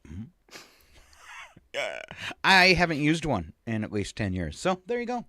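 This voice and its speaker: A man's voice: mid-range voice, huge pitch swings, a little slow, sharp tone, no room sound. A man co-hosting a morning radio show, teasing and laughing often during playful on-air banter in a radio studio.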